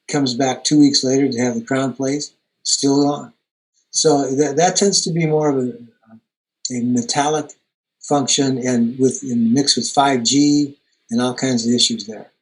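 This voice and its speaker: A man's voice: medium pitch, fairly even intonation, low-quality recording. A man, a holistic dentist, answering questions in an online Q&A, often repeating and restarting words as he explains. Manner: halting, repeats words, tells anecdotes. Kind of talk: online Q&A interview.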